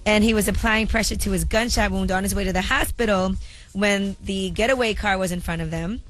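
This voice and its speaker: A co-host on a morning radio show reading the news briskly, in a matter-of-fact way. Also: mid-range voice, fairly even intonation, a bit bright.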